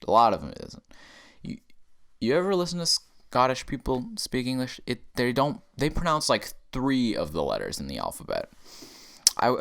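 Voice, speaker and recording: A man rambling through a profane comedic rant, drifting from mumbled asides to loud, emphatic bursts. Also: low-pitched, creaky. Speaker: podcast comedian.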